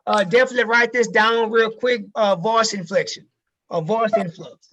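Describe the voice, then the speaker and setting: A man's voice: high-pitched, fairly even intonation, normal speed, fairly bright tone. A man giving a casual sales training talk to a group, emphatic and repeating key phrases, with casual swearing.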